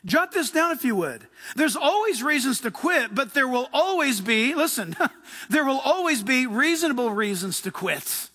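A man preaching a sermon in an animated way, acting out the voices in his quotes. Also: very high-pitched, normal speed. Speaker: pastor.

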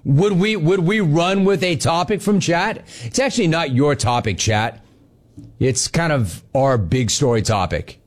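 A middle-aged man hosting a sports radio show, telling stories in a casual, animated monologue. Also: fairly high pitch, measured pace. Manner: animated storytelling, mimics others in dialogue.

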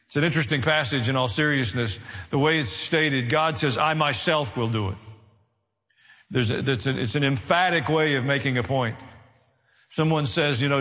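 A pastor preaching a sermon, with wry asides, building to raised, emphatic delivery. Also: male voice, medium pitch, normal speed, sharp tone. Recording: long hall reverb.

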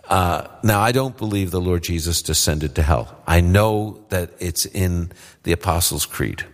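A man hosting a live radio Q&A, explaining Bible verses in a relaxed, conversational way with fillers. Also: low voice, long reverb tail. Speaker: radio host answering Bible questions. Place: live audience event.

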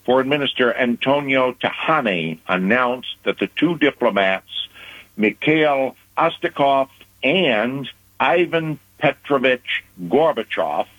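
A man giving deliberate, measured foreign affairs commentary on a news program, pausing for emphasis. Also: medium pitch, lively intonation, a bit bright, no room sound. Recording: phone-line radio audio.

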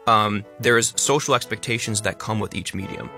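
A man who talks fast and stresses many words, a guest explaining ideas in a casual interview. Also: on the low side, pushed and bright, faint music behind. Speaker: guest, educational content creator.

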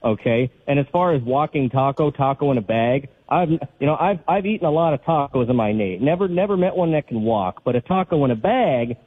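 A man calling in to a radio show, cracking wry jokes. He has a husky, slightly high voice. It comes through a tinny phone line. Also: animated, brisk, hardly any pauses. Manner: joking, wry. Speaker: caller. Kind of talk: call-in radio chat.

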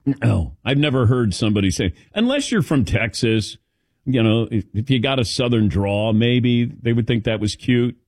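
Midwest guy hosting sports radio, bouncy animated voice, dry close mic. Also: medium pitch, moderate pace, no room sound. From American Midwest. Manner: lively storytelling with laughs. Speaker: radio show host. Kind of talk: casual sports radio banter.

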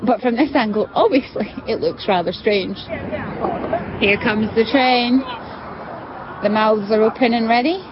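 A woman's voice: a little high, measured pace, long pauses, background noise. A woman giving descriptive on-location commentary outdoors in a busy city, pointing things out as she talks. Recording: dull field audio in a loud crowd.

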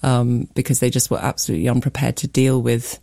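A middle-aged woman, a writer and commentator, answering interview questions in a radio studio in a measured, hesitant way with many fillers. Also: extremely low pitch, level tone, creaky, dark tone, no room sound. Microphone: studio microphone.

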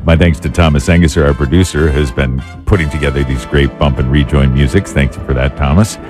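A man's voice: a bass voice, steady tone, brisk, music in the background. A man hosting a call-in radio show, introducing his team and taking calls. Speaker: radio host.

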